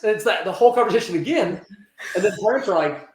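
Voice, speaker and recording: A man talking in a casual interview about working with teens. He acts out quoted dialogue in lively voices and often restarts his sentences. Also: sits high, fast talker. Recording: roomy echo.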